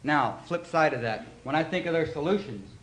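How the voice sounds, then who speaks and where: A man giving a personal testimony at a recovery meeting, telling his story with animated emotion in front of an audience that laughs along. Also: on the high side, brisk. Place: meeting hall before an audience. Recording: echoey hall, faint room noise.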